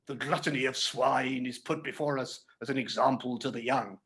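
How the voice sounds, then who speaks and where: A man's voice: mid-range voice, fairly even intonation, moderate pace, a bit bright, natural voice. A sanctimonious dinner guest delivers stern little sermons in a storybook reading, as a man puts him on. His manner is preachy and self-important. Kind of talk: dramatic reading of classic fiction.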